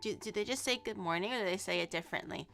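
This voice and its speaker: A woman streamer chatting casually to her viewers with quick asides and frequent restarts. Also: medium pitch, gravelly, a bit bright. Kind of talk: casual live-stream chat.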